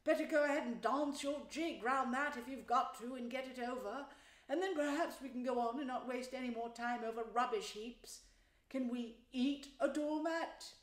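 A woman's voice: high-pitched, pitched above the performer's own voice, natural voice. A woman voicing a fussy, grumpy male mole who complains primly, in a storybook reading. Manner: complaining and prim. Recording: roomy echo.

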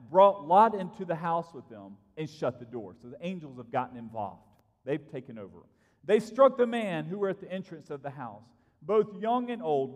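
Guy preaching a sermon, high voice that swings all over, big echo off the church walls. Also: a little mellow. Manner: emphatic, repeats key phrases for stress. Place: church sanctuary. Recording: long reverb from a church hall.

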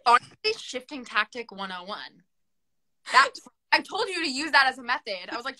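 A young woman with a bright, clear tone and a slightly high voice, chatting on a phone live stream. She teases in a playful, mock-dramatic way. The talk is loose and casual. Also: huge pitch swings, moderate pace, low-quality recording. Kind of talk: casual chat. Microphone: phone on a live video call.

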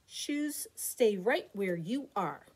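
A woman's voice: mid-range voice, very animated, slow pace, darkish tone, husky, exaggerated voice. A woman voicing a playful, bossy little boy who orders his clothes around.

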